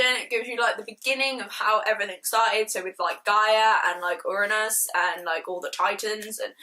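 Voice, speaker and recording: A woman's voice: medium pitch, fairly even intonation, brisk, few pauses, pushed and bright, poor audio. A woman from Shropshire chatting casually through book reviews in a gushing, slangy, self-mocking way. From Shropshire, England. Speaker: book vlogger.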